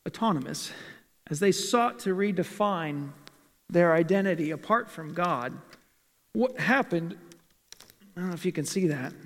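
A male pastor giving a sermon in a church, asking rhetorical questions and reading scripture aloud. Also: a little high. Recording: long reverb of a large hall.

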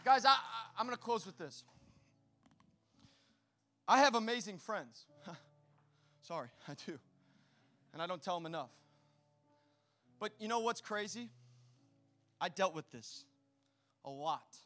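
A man preaching a sermon to his congregation, energetic and direct, with casual slang mixed into his preaching. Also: high-pitched, measured pace, long pauses, soft background music. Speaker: pastor.

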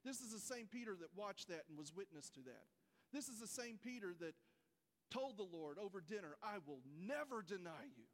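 A man's voice: high voice, animated, brisk, long reverb tail. A man preaching a folksy sermon, speaking straight to his congregation. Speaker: pastor. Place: church sanctuary.

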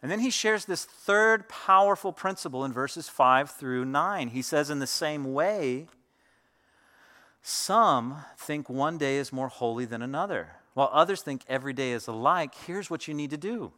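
Bright-voiced man preaching a casual sermon. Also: on the high side, animated, normal speed. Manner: conversational storytelling with many fillers. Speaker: pastor.

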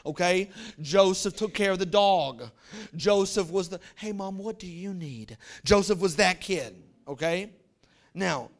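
A man preaching a sermon as pastor, telling a story in a lively colloquial way and calling out to his congregation. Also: high-pitched. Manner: lively storytelling, acting out characters in quick voices.

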